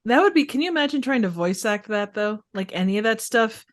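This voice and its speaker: A woman guesting on a casual movie podcast, enthusiastic and quick to laugh, sometimes searching for words. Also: on the high side, expressive.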